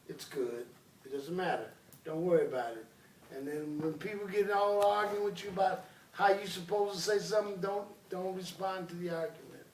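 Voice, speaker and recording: A man's voice: high-pitched, moderate pace, slight background noise. A man teaching a class, drilling students in call-and-response and speaking commandingly. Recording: echoey room, voice from far off.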